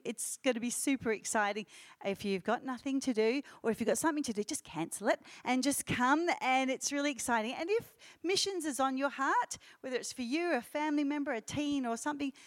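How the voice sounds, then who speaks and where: A woman telling a church congregation an animated story from a mission trip, acting out the people she quotes. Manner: acts out quoted voices with rising pitch. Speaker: church speaker reporting on a youth mission trip.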